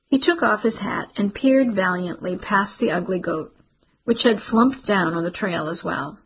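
A woman narrating a novel in steady, measured scripted narration. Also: medium pitch, slightly rough, low-quality recording. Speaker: audiobook narrator.

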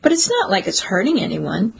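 A woman's voice: mid-range voice, huge pitch swings, a little fast, vocal fry, slightly rough, heavily acted. A woman reading the part of a cheeky young man with an easygoing, casual way of talking. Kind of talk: audiobook character voice.

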